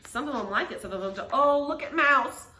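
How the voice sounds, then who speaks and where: A woman reading a picture book aloud to children, animated and asking them questions. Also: high voice, brisk, reverberant, a little hiss or hum. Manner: animated, asks the listeners questions. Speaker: reader to children.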